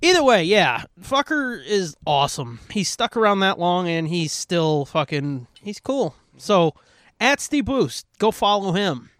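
A man's voice: high voice, very animated, unhurried, a bit bright, no room sound, clean studio sound. A man co-hosting a podcast, swearing constantly and joking crudely in casual banter. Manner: profane, joking, puts on voices. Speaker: podcast co-host.

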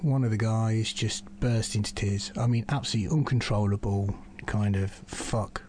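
A man's voice: lowish voice, steady tone, normal speed, darkish tone. A man with a southern English accent rambles through a recorded call-in message, swearing casually as he goes. Faint background noise sits under his voice. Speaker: caller.

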